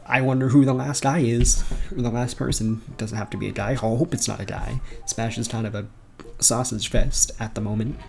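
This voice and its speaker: Young man, gaming vlogger, excitable and rambling, laughs a lot, faint music behind. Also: mid-range voice, vocal fry. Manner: excitable, rambling, laughs often, swears casually. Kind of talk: casual rambling commentary. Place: bedroom at home.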